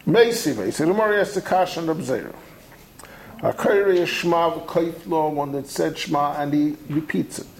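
On a low-quality recording, a teacher leads a Talmud lesson in a voice on the high side at a moderate pace. He's lively and conversational, dramatizing the passages he cites.

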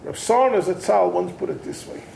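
This is a man with a notably high, very gravelly voice, teaching a Torah lesson in a roomy, echoing space. His delivery swings widely in pitch as he tells a story and digresses freely. Faint noise sits under the recording. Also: sing-song, moderate pace, darkish tone. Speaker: rabbi teaching a Torah class. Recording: roomy echo.

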